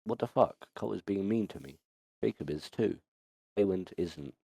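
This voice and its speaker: A man's voice: sits low, lively intonation, moderate pace, vocal fry, dark tone, breathy edge, dry recording. A man hosting a casual podcast chat, rambling with many ums and restarts. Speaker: podcast host.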